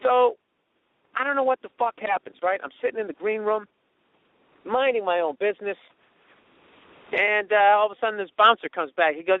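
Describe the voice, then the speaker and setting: A man hosting a comedy podcast, telling a story in a profane, animated way and mimicking the people in it. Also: high voice, moderate pace, long pauses, dry recording, phone-quality sound. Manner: profane, animated, does mocking voices of others. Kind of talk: storytelling monologue.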